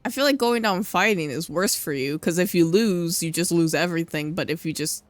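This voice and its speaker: A woman's voice: lowish voice, fairly quick, no room sound. Woman streaming a game, chatty and giggly, dry close sound. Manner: giggly, teasing, chatty asides. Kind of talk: casual gameplay commentary.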